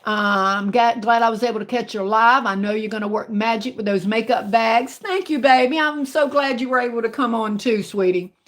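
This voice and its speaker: Country twang lady on a phone livestream, kinda high voice, chatty, calls everyone honey. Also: moderate pace, hardly any pauses. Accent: Southern US country. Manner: chatty, warm with viewers, calls them baby and honey. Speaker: livestream host. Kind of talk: casual live chat reading viewer comments.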